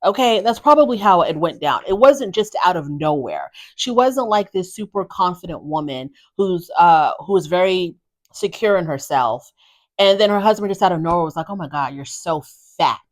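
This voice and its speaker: Woman host, lower register, for a blunt, opinionated reality-show recap. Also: expressive, normal speed. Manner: gossipy, blunt, chatty.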